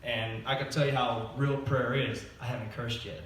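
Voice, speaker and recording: A man's voice: mid-range voice, steady tone, moderate pace, a bit bright. A male stand-up comic rambles through a self-deprecating set at a church open mic night. His voice sits in a plain middle range and is picked up from a distance. The hall around him rings with heavy echo under a faint hiss. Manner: nervous, self-deprecating, rambling with fillers and laughs. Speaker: stand-up comedian. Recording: echoey hall recorded from far off.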